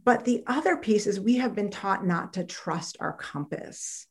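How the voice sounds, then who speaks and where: A woman author, a guest on a podcast, talking in an animated storytelling way and acting out quoted voices. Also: medium pitch, measured pace, gravelly. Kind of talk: podcast interview conversation.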